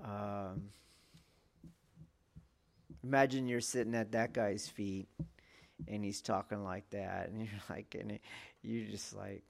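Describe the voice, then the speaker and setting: A man's voice: fairly low pitch, steady tone, slow, creaky, pauses often. Man teaching, keeps asking "do you see?". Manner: rhetorical, keeps checking in with "okay?" and "do you see?". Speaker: martial arts teacher. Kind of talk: teaching talk to students.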